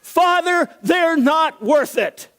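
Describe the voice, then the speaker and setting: A man's voice: extremely high pitch, expressive, slow pace, pitched above the performer's own voice, heavily acted. A male pastor voicing an imagined, fed-up Jesus who indignantly calls off the mission. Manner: indignant, raised and half-shouted. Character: exasperated divine man losing patience.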